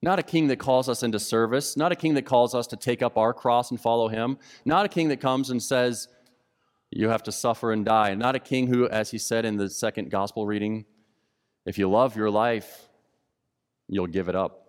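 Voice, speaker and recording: A man preaching a sermon who acts out the indignant voices of the crowds with lively emphasis. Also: mid-range voice, normal speed, long reverb tail. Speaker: pastor.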